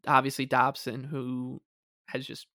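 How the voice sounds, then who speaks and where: A man co-hosting a sports podcast, talking in a measured, hesitant way. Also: mid-range voice, completely flat delivery, pushed and bright, no room sound, studio quality. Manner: measured, hesitant, many fillers and restarts. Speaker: podcast co-host. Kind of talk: casual sports talk.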